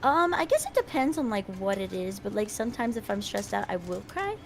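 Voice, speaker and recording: A woman's voice: medium pitch, sing-song, fairly quick. A woman guest streamer in casual chat, agreeable and playful, acting out silly lines.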